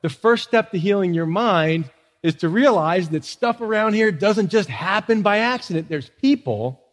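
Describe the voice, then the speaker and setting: A man preaching a sermon as pastor, conversational, with frequent rhetorical questions to the congregation. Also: high-pitched. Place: church sanctuary. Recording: long church reverb.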